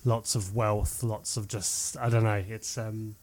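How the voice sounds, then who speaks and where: A man's voice: lowish voice, level tone, measured pace, a little mellow. A man in casual conversation about films, rambling and trailing off, with frequent swearing. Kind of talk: casual film chat.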